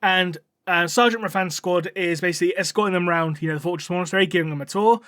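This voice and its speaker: A man's voice: high voice, fast, a bit bright, no echo, studio quality. A man on a podcast, casually retelling a story with playful swearing. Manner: playful, swears, acts out characters in quoted dialogue. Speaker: podcast co-host.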